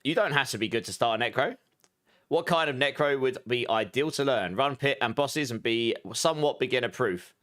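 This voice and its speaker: Reading out his viewers' messages while he streams a game, a man in his thirties keeps the chat casual and peppered with quick asides. He has an Essex accent from southeast England, and his mid-range voice carries a fairly bright tone.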